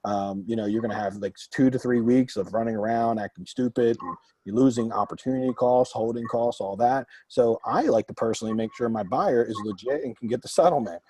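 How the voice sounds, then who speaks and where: A man hosting a group Q&A, telling blunt, animated stories full of quoted dialogue. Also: medium pitch, fairly quick, hardly any pauses, slightly rough, no room sound, low-quality recording. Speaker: real estate investor and mastermind host. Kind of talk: casual group Q&A coaching.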